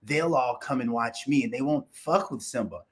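A man's voice: medium pitch, normal speed, breathy edge. A man hosting a livestream, ranting in a brash, boastful and mocking way, full of swearing. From Minnesota. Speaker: livestream host. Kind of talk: profane livestream rant.

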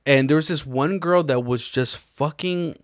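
A young man tells a rambling story on a podcast, stuffing it with fillers and acting out the other people in it. His voice sits a little high, and it sounds dry and close, with no room around it. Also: unhurried, no room sound. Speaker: podcast co-host. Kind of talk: casual chat.

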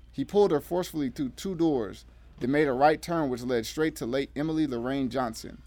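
A man reading a thriller aloud with dramatic, expressive narration. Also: mid-range voice, fairly quick, no room sound.

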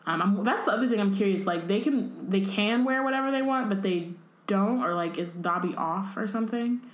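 A woman's voice: mid-range voice, a little fast. A woman co-hosting a casual podcast, reading a book aloud and breaking off for chatty asides full of filler words. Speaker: podcast co-host. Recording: roomy echo.

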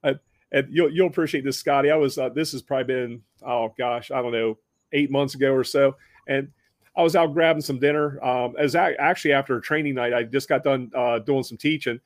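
A man hosting a podcast, telling a story casually with many restarts and animated impressions of the people in it. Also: medium pitch, fairly quick, no room sound, studio quality. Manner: animated, acts out other people in raised voices; conversational with frequent restarts. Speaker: podcast host.

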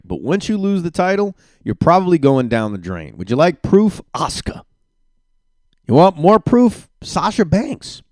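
Animated, opinionated man hosting a podcast. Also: medium pitch, no room sound, studio quality. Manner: opinionated, ranting; animated, emphatic. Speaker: podcast host. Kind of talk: solo podcast reaction.

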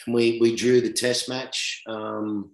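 A middle-aged Australian man, a former cricketer, telling a long anecdote in a casual, animated way, often laughing. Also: mid-range voice, takes it slowly, creaky. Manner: animated, laughing storyteller who acts out quoted voices. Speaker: former cricketer, guest storyteller. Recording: roomy echo.

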